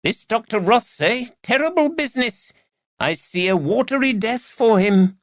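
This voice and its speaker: A man doing a shrill old gossiping witch. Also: expressive, a little slow, fairly bright tone, no room sound, muffled recording, exaggerated voice. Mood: ominous. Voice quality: penetrating, shrill. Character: elderly witchy woman reading tea leaves, shrill, gossipy.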